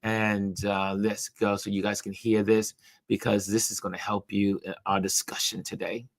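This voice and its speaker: A man's voice: lowish voice, flat delivery, normal speed, no echo, clean studio sound. A man hosting a live online show, chatting casually and reading out viewer comments, often repeating phrases for emphasis. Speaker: livestream show host.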